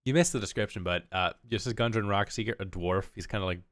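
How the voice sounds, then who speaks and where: A man narrating as game master in a tabletop game, animated and laughing often. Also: fairly low pitch, fast talker, dry recording.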